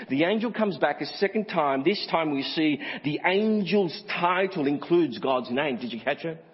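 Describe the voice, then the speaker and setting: A man preaching a sermon as pastor, asking the congregation direct questions and swinging from high emphatic peaks to quiet asides. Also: animated, normal speed, hardly any pauses, husky. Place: church. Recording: muffled church sermon recording with long reverb.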